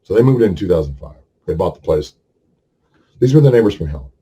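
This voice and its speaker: A man's voice: low-pitched, lively intonation, brisk, dark tone, husky. A man in his sixties telling a rambling, heated story with lots of swearing, talking casually to a camera. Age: 60s. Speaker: vlogger.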